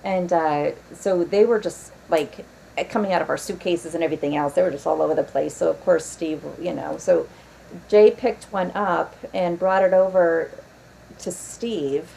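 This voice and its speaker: A woman's voice: lowish voice, normal speed, gravelly, mellow, a little hiss or hum, poor audio. A woman guest on a podcast, chatting casually with many restarts and frequent laughter. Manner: laughs often, rambling restarts. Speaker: podcast guest, paranormal investigator. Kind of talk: casual chat.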